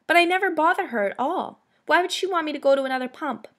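A meek, polite little girl from a storybook, voiced by a woman reader. She speaks timidly, even when she feels upset. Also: medium pitch, a little fast, natural voice.

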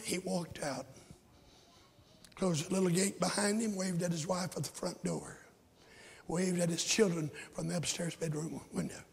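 A raspy older man preaches, telling his story in a fervent sermon that swings from shouts to hushed whispers. His voice sits high and gravelly, with a husky edge. It rings out in a hall with a long echo. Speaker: pastor. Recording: echoey hall.

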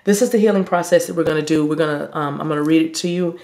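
A woman spiritual reader giving a talk and guided meditation, speaking slowly and soothingly in drawn-out phrases. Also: deep voice, a little mellow.

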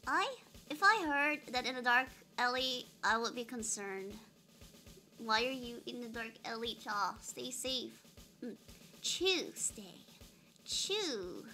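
A woman's voice: a little high, a little slow, sharp tone. A young woman streaming a game, chatting playfully with her chat and giggling often. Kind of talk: casual live-stream chat.

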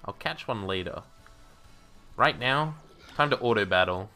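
A man streaming a game, talking casually to himself and viewers, swearing freely, laughing often and bursting into loud outrage. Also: fairly low pitch, lively intonation, measured pace, faint music behind. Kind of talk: casual gameplay commentary.

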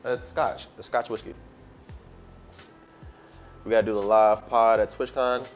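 A man's voice: medium pitch, moderate pace, pauses often. A man chatting casually with his live-stream audience while he cooks, in a laid-back, slangy way. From United States. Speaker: cooking streamer. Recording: faint music behind.

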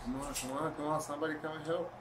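A man playing a video game match and reacting out loud, scolding his own players in a drawn-out way. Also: on the high side, level tone. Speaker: gamer playing in a tournament. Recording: echoey room with faint noise.

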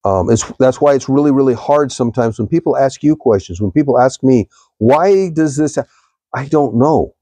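Brief: man, devotional live streamer, rambling storyteller, mellow voice, dry close sound. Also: mid-range voice, fairly quick, hardly any pauses, no room sound. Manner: rambling storytelling, addresses viewers.

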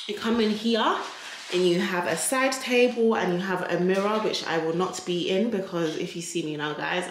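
A young woman vlogger talking casually to her viewers, giving a house tour. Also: on the low side. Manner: chatty, addresses viewers as guys. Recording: echoey room with loud noise.

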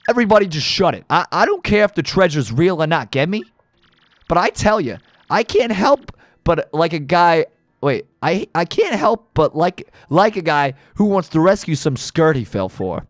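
A man voicing a gruff, domineering mob boss in a video game playthrough, talking tough in a gangster manner. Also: a little high, sing-song, moderate pace, no room sound, clean studio sound, pitched above the performer's own voice. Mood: persuasive. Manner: tough-guy gangster talk, clipped threats. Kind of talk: let's play voice acting.

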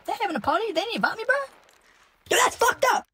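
Brief: touchy skeleton bro, shrill, rasp, pitch swinging wildly. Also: male voice, very animated, fast talker, bright, forceful tone, full character voice. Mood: outraged. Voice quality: very high, squeaky, gravelly. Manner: indignant, slangy "bro" talk. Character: hyper young male skeleton bro, touchy. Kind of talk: cartoon voice acting.

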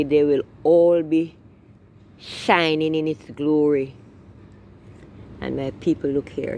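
A woman's voice: sits low, warm tone, a little hiss or hum, poor audio. A woman vlogging outdoors in her garden on a handheld phone, exclaiming with delight as she shows her viewers around. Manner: effusive, keeps calling out "my people" and exclaiming. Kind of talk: casual vlog, filming and narrating a garden tour. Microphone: phone camera held while walking.

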